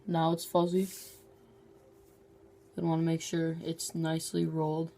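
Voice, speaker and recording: A woman talks her viewers through a little home demonstration in an easygoing, unhurried way. Her voice sits a touch low, and her eyes are watering as she speaks. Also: completely flat delivery, vocal fry, mellow. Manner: slow, low-key instructions that break into giggles. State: teary-eyed. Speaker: vlogger.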